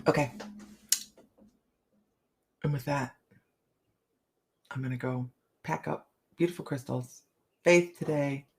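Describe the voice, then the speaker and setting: A woman's voice: very deep voice, slow pace, long pauses. A middle-aged woman hosting a casual live chat, reading cards and talking to viewers by name, laughing often. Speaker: livestream host reading tarot cards.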